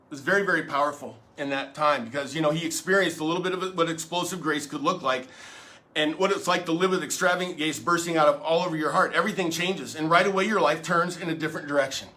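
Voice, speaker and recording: Man pastor, earnest and jokey storyteller, slightly high, bright tense tone. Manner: earnest, playful, with many fillers and restarts. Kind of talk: casual storytelling sermon.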